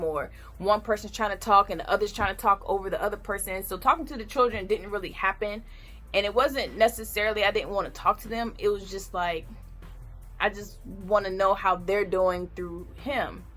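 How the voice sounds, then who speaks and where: A woman's voice: mid-range voice, sharp tone. A woman vlogger in her thirties telling a candid, heartfelt personal story, tearful at times. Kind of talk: emotional personal story time.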